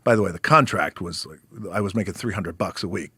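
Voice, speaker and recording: A man's voice: deep voice, fast talker, pushed and bright, slightly rough, no room sound. A man in his fifties, a podcast guest, telling a story casually into a studio mic, swearing freely and acting out what other people said.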